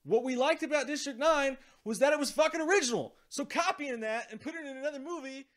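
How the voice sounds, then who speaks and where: A man's voice: very high-pitched, quick pace, a bit bright. A man hosting a movie review vlog, ranting with profanity and exasperation, sometimes mocking characters. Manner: slips into mocking impressions of characters.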